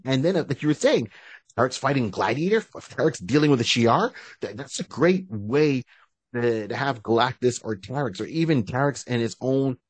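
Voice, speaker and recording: A man's voice: medium pitch, a little mellow, husky, no echo. A man co-hosting a podcast, chatting casually and at length, often restarting his sentences. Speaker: podcast co-host. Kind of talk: casual fan-casting chat.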